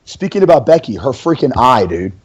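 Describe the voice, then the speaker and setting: A man's voice: medium pitch, big pitch swings, brisk, breathy edge, low-quality recording. Rambling, swearing male podcast co-host. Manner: rambling, profane fan banter. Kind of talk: casual chat.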